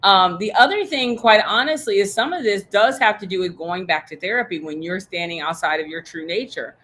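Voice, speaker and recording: A woman coach leads a live workshop, full of energy and storytelling. She slips into quoted voices as she goes and swears casually, in a middle-range voice that is neither high nor low. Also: brisk, a bit bright, a little hiss or hum, low-quality recording. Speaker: business coach.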